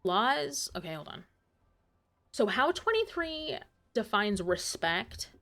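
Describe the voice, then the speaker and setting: A woman streaming a story game, reading its lines aloud and reacting with quick, casual asides. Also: medium pitch, very animated, bright, forceful tone. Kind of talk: casual live-stream commentary.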